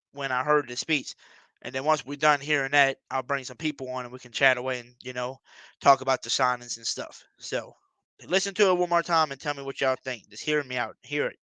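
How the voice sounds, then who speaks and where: A man's voice: mid-range voice, bright, forceful tone, clear, resonant tone, no room sound, low-quality recording. A man hosting a casual sports talk livestream, speaking emphatically and with plenty of slang and repetition. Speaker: livestream host.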